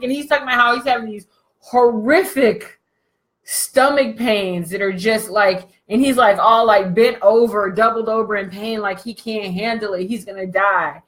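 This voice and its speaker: Animated, slangy woman telling a story. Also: a little high, normal speed. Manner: animated, slangy, laughs often. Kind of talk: comic storytelling talk.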